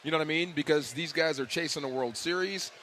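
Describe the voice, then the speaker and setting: A male sports radio co-host talking in an animated, emphatic way with casual slang. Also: on the high side, fast talker, a little hiss or hum.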